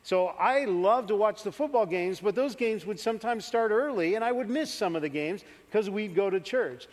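A man with a high voice preaches and tells a story from his own life, acting out the scenes as he goes. His voice rings through a large church hall with a long echo. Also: moderate pace. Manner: animated storytelling, acts out his younger self. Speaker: pastor. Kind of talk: sermon with personal story.

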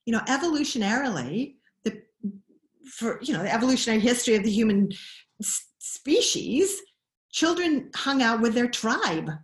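A middle-aged woman explaining child attachment in an interview, thoughtful, pausing and restarting her sentences often. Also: fairly high pitch. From Scotland. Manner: thoughtful, many restarts and pauses. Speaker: guest expert on child attachment. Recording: roomy echo.

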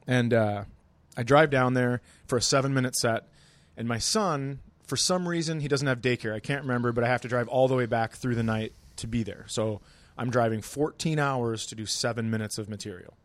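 A man's voice: medium pitch, a little fast, hardly any pauses, dry recording. Laid-back dry-humored comedian man. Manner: laid-back, dry storyteller who acts out voices in anecdotes. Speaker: stand-up comedian, podcast guest. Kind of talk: casual comedy podcast storytelling.

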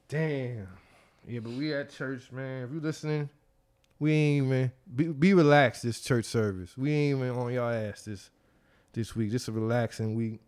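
A middle-aged man hosting a podcast, telling stories in a loose, profane, animated way with frequent laughter. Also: medium pitch, brisk. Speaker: podcast host. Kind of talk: casual chat.

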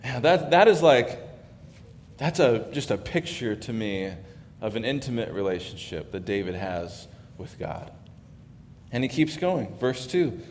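A man preaching a sermon in a church sanctuary, talking conversationally and dropping to hushed tones when he reads scripture. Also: medium pitch, expressive, measured pace, in a large hall, a little hiss or hum. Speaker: pastor.

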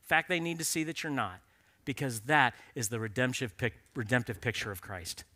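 A man's voice: mid-range voice, animated, brisk, pushed and bright. A man preaching a sermon in an earnest, conversational storytelling way, appealing directly to men in the audience.

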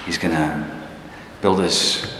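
A man preaching a sermon, telling a personal story in a halting, conversational, self-deprecating way with many restarts. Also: sits low, steady tone. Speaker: pastor. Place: church hall before a laughing congregation. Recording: echoey hall, distant room noise.

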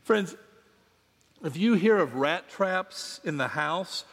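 A pastor preaching and telling a story to his congregation, with measured delivery and dramatic pauses. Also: high voice, animated, fairly bright tone. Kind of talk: sermon with storytelling. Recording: long hall reverb.

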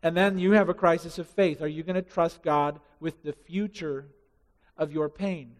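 A man preaching a sermon with passion, building to loud rising emphasis and dropping to hushed asides. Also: fairly high pitch, steady tone, normal speed, big-room sound. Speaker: pastor.

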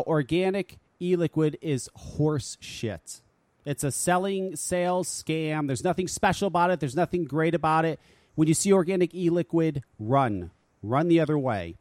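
Male radio host, exasperated profane ranter, lively pitch, dry close sound. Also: moderate pace, dry recording. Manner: animated, exasperated, swears freely. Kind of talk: casual profane talk radio rant.

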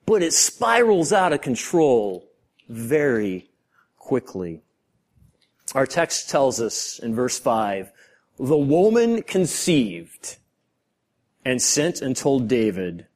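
Animated male pastor preaching slowly. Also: mid-range voice. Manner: animated, acts out everyday scenes in voices. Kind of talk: sermon.

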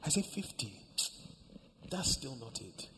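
A man preaches in a big church hall, and his high, bright voice rings out in the long echo. He tells his story with lively energy, voicing each person's words. A faint room ambience sits behind him. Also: normal speed, a little hiss or hum. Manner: animated storytelling, acting out dialogue, swings between hushed and shouting. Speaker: pastor. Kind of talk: sermon.

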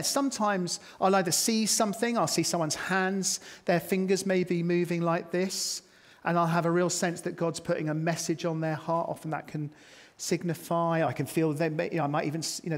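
A man delivers a sermon in a relaxed, conversational way, slipping in self-mocking asides to his congregation. His voice sits a little high for a man. The sound carries the long reverb of a large church hall. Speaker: pastor.

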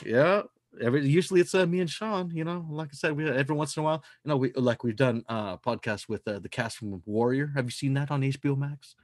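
A man's voice: mid-range voice, fast, no echo, studio quality. A man hosting a podcast in casual, loose chat, joking and swearing freely. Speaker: podcast host.

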